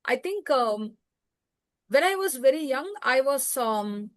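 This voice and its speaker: A middle-aged woman speaking as a podcast guest, giving earnest advice in measured phrases with pauses. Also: sits high, animated, no echo. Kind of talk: reflective interview answers.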